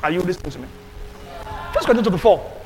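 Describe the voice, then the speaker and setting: High-voiced emphatic male pastor preaching. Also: expressive, very fast. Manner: emphatic, swings between loud and hushed delivery. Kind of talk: sermon with scripture reading. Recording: long hall reverb with faint music.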